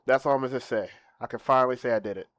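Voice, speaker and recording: A young man streaming casually to his viewers, boasting playfully, laughing, then thanking them softly. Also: mid-range voice, rapid-fire, dry recording.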